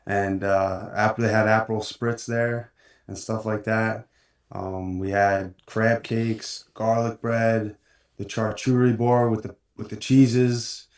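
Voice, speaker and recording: Man, 20s, guest, low voice, hesitant with lots of ums, roomy echo, off-mic. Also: slow, recorded from a distance. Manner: relaxed, hesitant, lots of ums while searching for words. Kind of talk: casual chat. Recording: roomy sound from farther off the mic.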